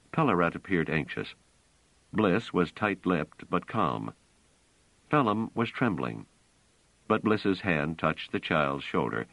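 A man narrating an audiobook in a measured, expressive way, in a dry, dull recording. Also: extremely low pitch, vocal fry, no room sound.

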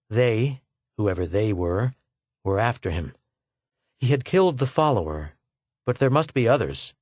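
A man narrating a science fiction audiobook in a measured, scripted style that slows at tense moments. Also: medium pitch, darkish tone, no echo.

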